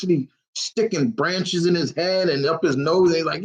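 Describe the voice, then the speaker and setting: A man's voice: fairly high pitch, moderate pace, hardly any pauses. Emotional rambling man on a live stream. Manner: rambling, many restarts and fillers; openly emotional, near tears. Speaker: host of a live Q&A. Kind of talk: casual live stream chat. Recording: dull lo-fi stream audio.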